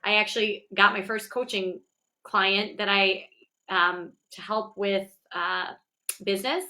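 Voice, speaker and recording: Bright-voiced earnest woman guest. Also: mid-range voice, steady tone, unhurried. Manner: reflective, self-correcting, earnest. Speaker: guest, business owner and coach. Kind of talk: casual livestream chat.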